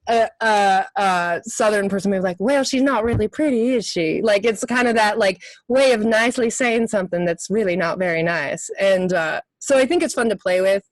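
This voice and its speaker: An actress in her thirties fields questions at a conference Q&A, talking eagerly and articulately, with a lot of "um" and "like" along the way. Her voice sits a little low for a woman, and the sound is dry and close, with no room echo. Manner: articulate and enthusiastic, with frequent fillers. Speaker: actress answering audience questions.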